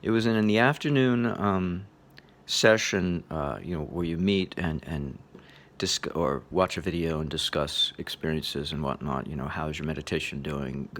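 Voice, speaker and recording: A man giving a relaxed spoken lecture on meditation, chuckling often in a loose, playful way. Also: low-pitched, moderate pace. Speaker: meditation teacher.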